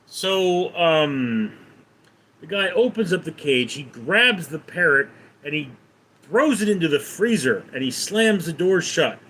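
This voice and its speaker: A man's voice: on the high side, lively intonation, a little slow, fairly bright tone, slight background noise, poor audio. A man chatting casually on a live stream, telling a rambling joke and reading out and answering viewer comments. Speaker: livestreamer. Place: home in Los Angeles.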